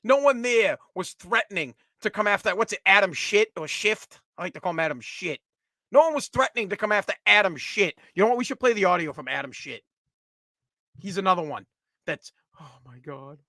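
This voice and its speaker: A man's voice: sits high, lively intonation, fairly quick, pushed and bright, no room sound, studio quality. A man giving heated, blunt, profane solo commentary.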